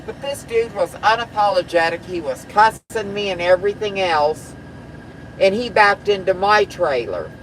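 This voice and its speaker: A woman's voice: medium pitch, measured pace, a little hiss or hum, low-quality recording. A woman truck driver chatting on a live stream, blunt and profane, rambling from one topic to the next. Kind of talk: casual live-stream chat.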